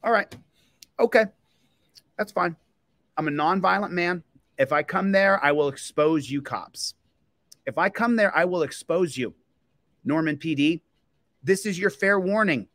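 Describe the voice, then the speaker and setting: A man's voice: high voice, unhurried, long pauses, fairly bright tone, no room sound. A man hosting a livestream, ranting angrily and repetitively at a police department, fired up and confrontational. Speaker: livestream host and police auditor. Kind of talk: angry livestream rant.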